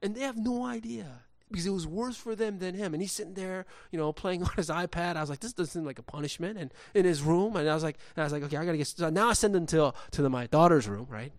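A middle-aged man gives a sermon, his voice sitting a little high for a man and recorded close and dry with no room sound. He talks casually, restarting sentences, and grows animated when he tells stories about his kids. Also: quick pace, hardly any pauses, no room sound. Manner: conversational, restarts often, lively when telling anecdotes. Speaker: pastor.

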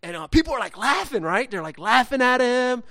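A middle-aged man preaching a sermon, reading scripture, then telling family stories in a conversational way with frequent restarts that turn lively during the anecdotes. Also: extremely high pitch, brisk, no echo, clean studio sound. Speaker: pastor.

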